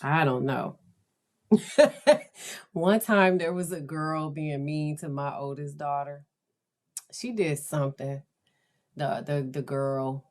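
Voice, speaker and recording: A woman with a low-pitched voice talks through a casual podcast monologue, drifting from one anecdote to the next. She speaks like a counselor and laughs often. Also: darkish tone. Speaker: counselor and blog host.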